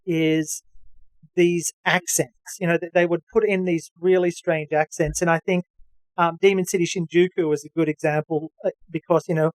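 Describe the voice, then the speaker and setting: A man's voice: fairly high pitch, little pitch movement, moderate pace, no echo, poor audio. A man hosting a podcast, chatting knowledgeably with lots of fillers and restarts. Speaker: podcast host. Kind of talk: casual chat.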